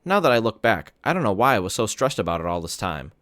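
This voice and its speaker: A man, a teacher, reading a novel aloud to his students in an expressive, animated storytelling way. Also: lowish voice, fast talker, no room sound, clean studio sound.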